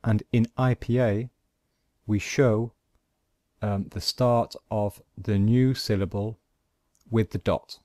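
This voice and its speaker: Slow, deliberate male language teacher. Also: on the low side, fairly even intonation, darkish tone, dry recording, clean studio sound. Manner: slow, deliberate, explaining step by step. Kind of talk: screen-recorded pronunciation lesson.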